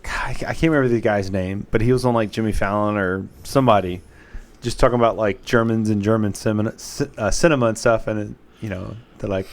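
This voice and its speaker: A man's voice: fairly low pitch, fairly even intonation, quick pace. Man, podcast co-host, casual chat, joking, rambling, repeated restarts.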